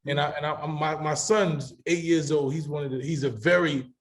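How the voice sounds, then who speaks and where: A man's voice: fairly high pitch, steady tone, moderate pace. A middle-aged man hosting a panel discussion, talking with passion and emphasis and repeating words as he builds his point. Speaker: talk show host.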